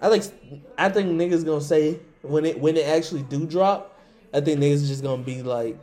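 A young man in casual chat, slangy and argumentative, quick to push back. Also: on the high side, steady tone, mellow, faint music behind.

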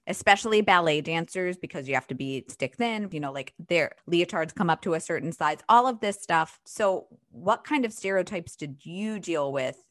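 Woman podcast host, deep voice, dry sound, conversational interviewer. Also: a bit bright, dry recording. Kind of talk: interview questions.

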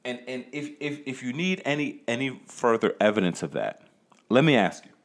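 A man hosts a solo podcast in a mid-range, sing-song voice at a moderate pace. Casual and profane, he rambles, stammers through restarts, and directs rhetorical questions at listeners.

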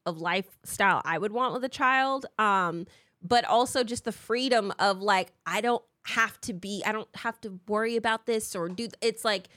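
A woman's voice: mid-range voice, fairly bright tone, no echo, studio quality. A woman in her thirties co-hosting a casual podcast, talking animatedly, swearing freely and acting out the people she quotes. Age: 30s. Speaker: podcast co-host. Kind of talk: casual chat. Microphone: podcast mic.

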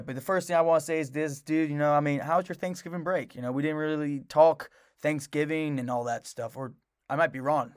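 Chatting casually as a podcast co-host, this young man has a slightly high voice, recorded at studio quality with no echo. His long story meanders and restarts again and again.

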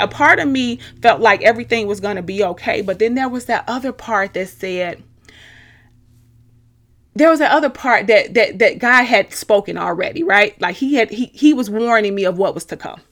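Earnest woman sharing a faith testimony. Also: a little high. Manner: earnest, animated storytelling with frequent restarts. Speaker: podcast host. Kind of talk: personal faith testimony to a live online audience.

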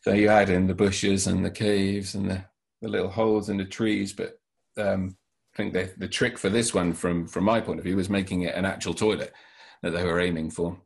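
A man, a children's author, being interviewed and answering in a thoughtful, halting way. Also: sits low, level tone, vocal fry, slightly rough. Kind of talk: interview conversation.

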